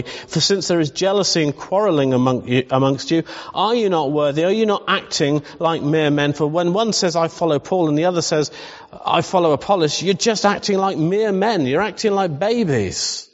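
A pastor with a somewhat high voice gives a funny, conversational sermon, repeatedly questioning the congregation. A long hall reverb surrounds him, and the audio is a little dull.

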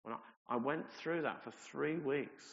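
A man's voice: medium pitch, unhurried, creaky. A man delivers a sermon in an earnest, conversational manner, weaving in personal stories. His voice carries a long echo from a large church hall. The recording is dull and lo-fi. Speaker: preacher. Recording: reverberant hall, dull lo-fi sound.

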